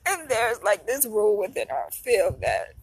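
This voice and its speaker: A woman's voice: mid-range voice, big pitch swings, normal speed, slightly rough, dry recording. A young adult woman talking to camera in a casual vlog while crying, heartfelt and rambling with many fillers. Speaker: vlogger and doctoral psychology student. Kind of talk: emotional casual vlog talk.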